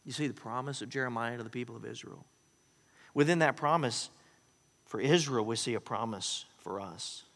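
A man preaching a sermon, folksy and joking, telling stories in an animated way. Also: mid-range voice, normal speed, in a large hall. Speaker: pastor.

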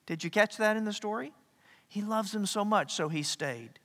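Animated preacher man, high voice. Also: moderate pace. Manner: animated, swinging from loud to near-whisper. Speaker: pastor. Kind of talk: sermon. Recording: echoey hall reverb.

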